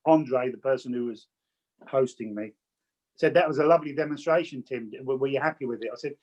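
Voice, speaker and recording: A man's voice: medium pitch, fairly quick, a little mellow, rough recording. A man from England, a spiritualist medium, teaching a group over a video call with chatty anecdotes and frequent stammered restarts. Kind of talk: online teaching talk with anecdotes.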